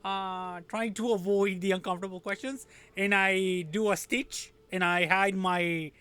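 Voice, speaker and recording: High-voiced young man, stammering player. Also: fairly even intonation, unhurried, sharp tone, a little hiss or hum. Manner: hesitant, stammering, laughs easily. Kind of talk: casual tabletop play.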